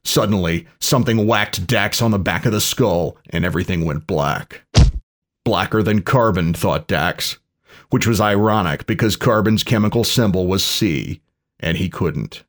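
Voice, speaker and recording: A man reading a parody pulp story aloud in a dry, deadpan narration. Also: low-pitched, a little slow.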